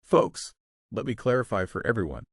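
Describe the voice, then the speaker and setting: A weary male election worker who speaks slowly and calmly, as if explaining to a child, read by a man narrating the story. The voice is low and dry, with no room around it. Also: no echo, close to an everyday voice. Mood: patient. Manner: slow, calm, explaining carefully.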